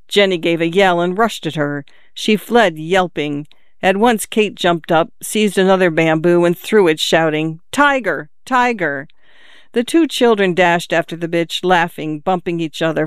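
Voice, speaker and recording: A narrator reading a novel aloud in a measured, calm storytelling manner, lifting the pitch for the characters' lines. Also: clear, resonant tone, no echo, studio quality.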